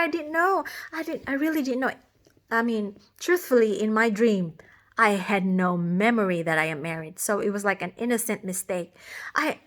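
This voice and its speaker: A woman's voice: mid-range voice, bright, forceful tone. A woman recounting a dream in casual storytelling, earnest and emotional, rambling with many restarts and fillers.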